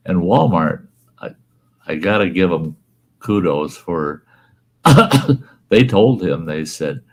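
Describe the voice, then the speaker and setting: Host, male, middle-aged, very deep voice, animated storyteller. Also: takes it slowly, pauses often. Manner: animated storyteller, laughs through lines, quotes others in a raised voice. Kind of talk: casual storytelling chat.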